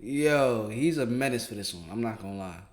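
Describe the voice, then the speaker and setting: A man's voice: medium pitch, expressive, fairly quick. A man hosting a casual reaction commentary, talking in slangy, joking, laid-back phrases. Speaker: commentary host.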